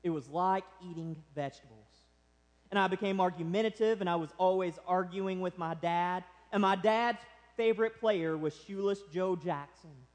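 A man preaching a sermon, swinging from loud impassioned pleading to hushed, quiet passages. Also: high-pitched, moderate pace. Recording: long hall reverb.

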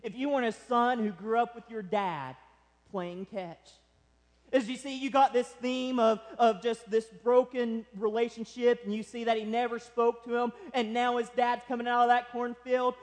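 A man preaching a sermon, swinging from loud impassioned pleading to hushed, quiet passages. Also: very high voice, steady tone, moderate pace. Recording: long hall reverb.

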